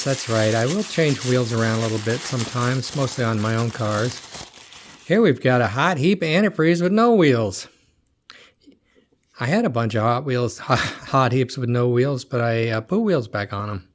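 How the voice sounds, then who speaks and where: A middle-aged man chats his way through a box of old toy cars, muttering and repeating himself as he goes. His voice sits in an ordinary middle pitch. He sounds like he is thinking aloud. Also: slight background noise. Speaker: toy car collector and dealer. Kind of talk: casual unboxing commentary.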